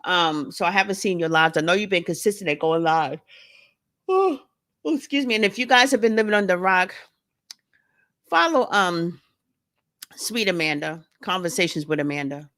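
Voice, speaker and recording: In a relaxed home livestream, this host and author talks with her viewers, welcoming them by name and joking. Her fairly low, slightly bright voice has lively intonation at a normal speed, and she pauses often.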